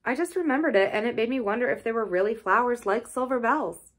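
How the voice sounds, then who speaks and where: A woman's voice: fairly high pitch, fast, voice pushed up, lightly acted. A woman voicing an earnest young girl, once contrary, who speaks in a pleading, heartfelt way. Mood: resentful.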